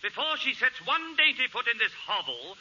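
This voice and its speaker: A man's voice: very high voice, very animated, fairly quick, pushed and bright. A man with an English accent playing a pompous butler, with a clipped upper-class delivery in a 1940s radio comedy. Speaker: comic guest playing a snooty butler. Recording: 1940s radio broadcast, dull and hissy.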